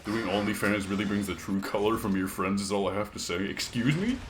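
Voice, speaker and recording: A man's voice: lowish voice, flat delivery, fast, a little hiss or hum. A half British, half Canadian man streaming a game and joking crudely with his chat as he reads it aloud. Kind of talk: casual gaming livestream, reading chat aloud. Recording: echoey room with faint music behind.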